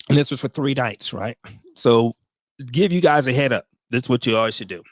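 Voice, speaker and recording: A man's voice: mid-range voice, lively intonation, normal speed, pauses often, dry recording. A man in his fifties, a veteran vlogger, tells a story to his viewers in a blunt, profane way, with emotional asides.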